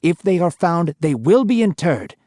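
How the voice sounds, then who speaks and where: A man's voice: mid-range voice, expressive, slow pace, mellow, slightly rough, dry recording, clean studio sound. A man voicing a stern male paranormal interviewer who firmly presses a ghost with commands. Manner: firm, commanding, then soothing.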